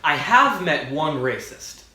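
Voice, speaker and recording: A young man telling a stand-up comedy story in a deadpan way, acting out the people he quotes. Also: fairly high pitch, slow pace, a little hiss or hum. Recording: echoey room with crowd laughter.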